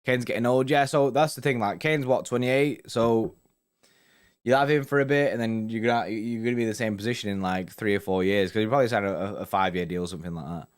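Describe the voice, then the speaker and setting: A man's voice: on the low side, fast talker, clear, resonant tone. A young man hosting a casual football fan live stream, bantering loosely with viewers and reading out their comments. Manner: chatty, laid-back banter with frequent "mate" and "innit". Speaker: football fan channel host.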